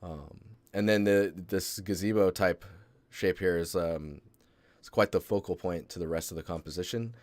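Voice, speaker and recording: A man with a very low, deep voice talks through an art portfolio on a live stream, loose and rambling, stopping and restarting his thoughts. The sound is close and dry, with almost no room around it. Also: moderate pace, no room sound. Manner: relaxed, rambling, many fillers and restarts. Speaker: host reviewing art portfolios. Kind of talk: casual live-stream critique.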